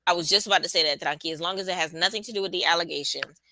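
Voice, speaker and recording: Talking very fast in a lowish, very bright and forward voice, this live-stream host reacts to content and sasses her chat casually. The recording is dry and close to the mic, with no echo.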